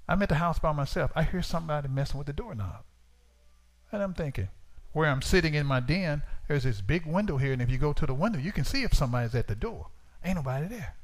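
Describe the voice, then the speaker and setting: Male preacher, gravelly, storytelling sermon, voices both sides of a dialogue. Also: fairly high pitch, lively intonation, brisk. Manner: storytelling, acts out dialogue in raised voice. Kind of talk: sermon testimony.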